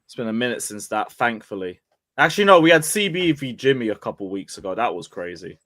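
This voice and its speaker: A man's voice: medium pitch, big pitch swings, quick pace, fairly bright tone, no echo. A man, co-hosting a casual fan livestream, blunt and full of slang. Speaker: fan channel co-host.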